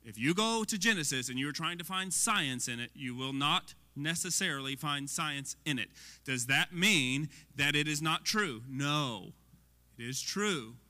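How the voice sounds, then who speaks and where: A man preaching a sermon in a lively, conversational way, often asking the audience questions. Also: on the high side, measured pace. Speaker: pastor. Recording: long hall reverb.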